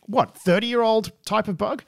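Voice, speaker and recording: Man, podcast host, casual news chat, wry, filler words, higher pitch, dry close mic. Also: unhurried, gravelly, no room sound. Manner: chatty, wry, many fillers.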